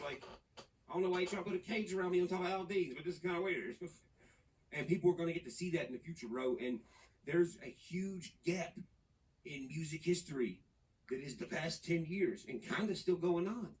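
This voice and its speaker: A man's voice: high voice, a little fast. Man from Nashville, podcast guest, profane rambling storyteller; a bit distant mic, faint hiss. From Nashville, Tennessee. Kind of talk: casual podcast chat.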